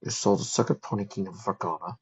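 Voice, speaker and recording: A woman voicing a calm, protective father pony in a storybook reading. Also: a bass voice, muffled recording, a little hiss or hum. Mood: soothing. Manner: soft, soothing, measured.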